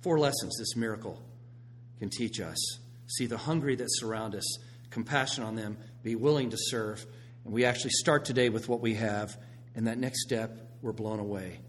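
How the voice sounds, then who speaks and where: A middle-aged man preaching a sermon as a pastor, telling stories with animated swings between loud bursts and hushed lines. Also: lowish voice, normal speed, a little hiss or hum.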